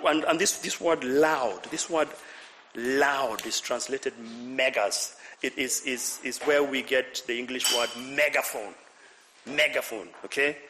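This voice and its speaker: A man preaching a sermon, animated, repeating words and building up to shouts. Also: mid-range voice, slight background noise. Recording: reverberant hall.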